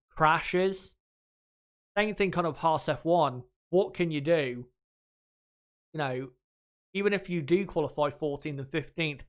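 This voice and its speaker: Rambling young Englishman, smooth voice. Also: on the high side. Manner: rambling, frank, swears freely, laughs easily. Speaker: channel host. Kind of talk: casual live commentary.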